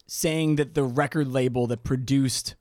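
A man's voice: mid-range voice, fairly even intonation, a little slow, a little mellow, dry recording. Rambling, profane man on a podcast. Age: 30s. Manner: loose, profane, rambling with restarts. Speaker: podcast co-host. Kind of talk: casual podcast chat.

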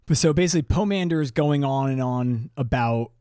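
A man co-hosts a casual podcast, mid-pitched and animated, often jumping into silly high-pitched impressions. His voice is dry and close to the mic. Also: fairly quick, clear, resonant tone, dry recording. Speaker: podcast co-host. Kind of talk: casual chat.

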